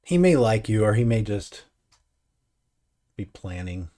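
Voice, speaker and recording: Low, mellow man co-hosting a casual stream, wry and easygoing. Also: sing-song, a little slow. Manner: dry, wry remarks, thanks subscribers. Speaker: co-host of a live mini painting stream. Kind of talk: casual chat and reading out chat messages.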